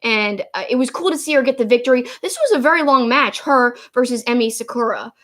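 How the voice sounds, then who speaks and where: A woman's voice: fairly high pitch, animated, fast talker, a bit bright. A woman co-hosting a wrestling podcast, chatting in an enthusiastic, casual way as she recaps a show. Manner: enthusiastic, chatty, quotes promos in put-on voices.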